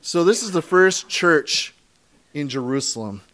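A man's voice: a little high, unhurried. Conversational male pastor preaching. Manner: conversational, animated preaching with laughs and asides. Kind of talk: sermon.

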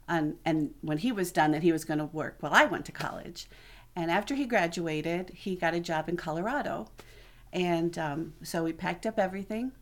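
Earnest middle-aged woman giving church testimony. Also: lowish voice. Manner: earnest, conversational storytelling that acts out quoted voices. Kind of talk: personal testimony told to a congregation.

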